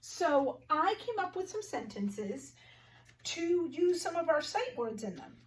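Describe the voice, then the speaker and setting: A woman teaching a phonics lesson to young children, slowly sounding out each word with clear articulation. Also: extremely high pitch, sing-song, far from the mic.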